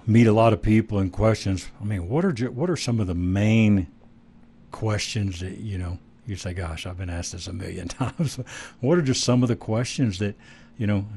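A man's voice: fairly low pitch, animated, moderate pace, mellow, husky. A man hosting a radio talk show, asking easygoing, rambling questions with plenty of fillers. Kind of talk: casual radio interview.

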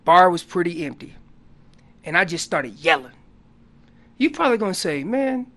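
A man guest on a radio talk show, explaining elk calling in an animated storytelling way that gets loud on key points. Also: fairly high pitch, moderate pace. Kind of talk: casual radio interview.

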